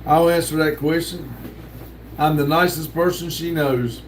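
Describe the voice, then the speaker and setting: An older man hosts a relaxed livestream from a home room with a sticker-covered wall, reading chat messages aloud in a laid-back drawl and laughing often. His voice is a little high and steady in tone, his pace unhurried, with slight background noise.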